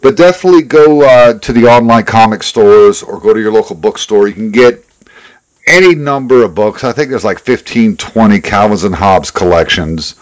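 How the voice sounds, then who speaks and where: A man's voice: fairly low pitch, animated, normal speed. A man co-hosting a podcast, talking bluntly and profanely in casual chat with frequent tangents. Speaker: podcast co-host.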